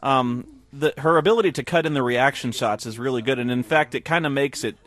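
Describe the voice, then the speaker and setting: A man's voice: medium pitch, a little fast, fairly bright tone, no room sound. A man giving a casual commentary track on his own video, rambling and chatty and laughing in the middle of sentences. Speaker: video creator recording commentary.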